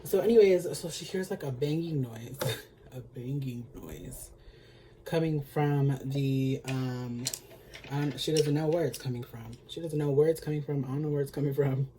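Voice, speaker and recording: A man's voice: on the high side, moderate pace, background noise. Chatty, sassy man recapping a show. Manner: chatty and sassy, heavy filler words, swears freely. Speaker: beauty vlogger. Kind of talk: casual TV episode recap.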